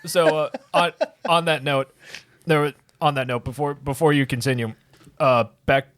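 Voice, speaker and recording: A man's voice: on the high side, fairly even intonation, moderate pace, fairly bright tone. A man co-hosting a casual trivia podcast, telling stories with lots of restarts and laughter. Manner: rambling storyteller, many restarts. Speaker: podcast co-host. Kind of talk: casual chat.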